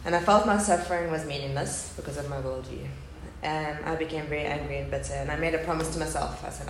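Woman, 30s, low creaky voice, earnest testimony speaker, echoey hall with faint hum. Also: fast talker, few pauses. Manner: candid and earnest, speaking of loss. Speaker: speaker at a faith gathering. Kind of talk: personal testimony talk. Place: hall with a live audience.

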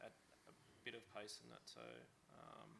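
A man's voice: lowish voice, monotone, moderate pace, creaky, noisy background. A man casually explaining community language work, hesitant and full of ums.

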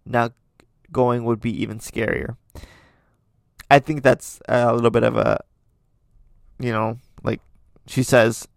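Man, podcast host, casual commentary, chatty, lots of fillers, mid-pitched, dry close sound. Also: level tone, slow pace, creaky, long pauses, no room sound. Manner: chatty, many fillers and restarts, opinionated asides. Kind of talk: casual commentary reading tweets.

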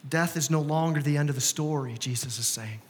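A man's voice: fairly high pitch, brisk. A man preaching a sermon as pastor, conversational and emphatic, often repeating words. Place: church. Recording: reverberant church hall.

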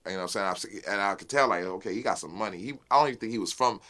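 A man being interviewed as a rap guest, talking casually and with passion, full of street slang and repeated "you know what I'm saying", while high. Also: very fast, pushed and bright. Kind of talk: casual unfiltered interview talk.

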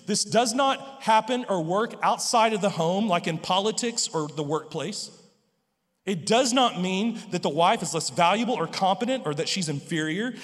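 A man's voice: high voice, fairly bright tone, in a large hall. A pastor preaching an earnest sermon in a church, often repeating words as he starts a thought. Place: church sanctuary.

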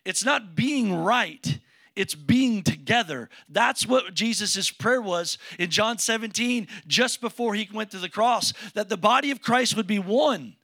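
Bright-voiced pastor preaching to his church. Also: high voice, expressive, a little slow. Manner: conversational preaching with jokes and questions to the congregation. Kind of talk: sermon. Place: church sanctuary with congregation.

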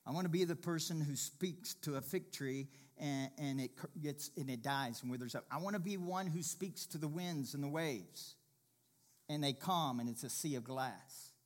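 A man preaching a sermon as pastor, swinging from impassioned loud passages to hushed, quiet ones. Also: on the high side, moderate pace.

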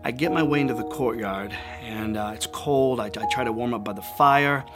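A man's voice: medium pitch, normal speed, close to an everyday voice. A man playing Peter, a remorseful fisherman disciple, in an earnest, confessional first-person monologue. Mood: rueful. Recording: music underneath the voice. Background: music playing.

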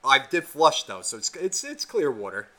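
A man co-hosting a podcast, telling a rambling story in casual chat, profane and animated. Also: medium pitch, moderate pace. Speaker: podcast co-host.

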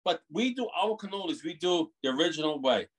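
Man from Italy, middle-aged, bakery owner, rambling storyteller, slightly high voice, video call. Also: fairly quick. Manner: animated storyteller, rambling with many restarts. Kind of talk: casual interview over a video call.

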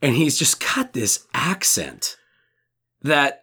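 Excitable man quoting movie lines. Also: mid-range voice, slow pace, husky. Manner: enthusiastic, quotes movie lines in put-on voices. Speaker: podcast co-host. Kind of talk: casual chat.

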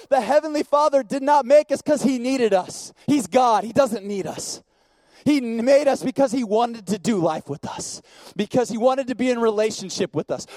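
A pastor preaching a sermon, retelling a story in a repetitive cadence, dropping to hushed tones and then rising to shouting. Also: male voice, extremely high pitch, no echo, clean studio sound.

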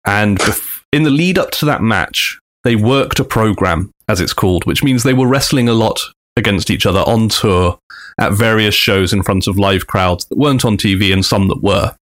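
A man's voice: fairly low pitch, normal speed. A man co-hosting a podcast, telling a story casually and acting out the quotes. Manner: animated, acts out quotes in big voices. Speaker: podcast co-host.

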